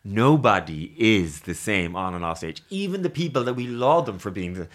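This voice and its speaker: A male host chatting with a guest in an interview, talking emphatically with animated asides. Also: on the low side, moderate pace. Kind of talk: casual interview chat.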